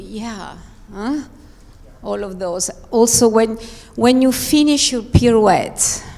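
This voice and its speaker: In a large performance studio with big-room sound, a woman coaches ballet dancers through a live rehearsal. Her mid-range voice has a darkish tone, and she is emphatic and encouraging as she walks them through each step.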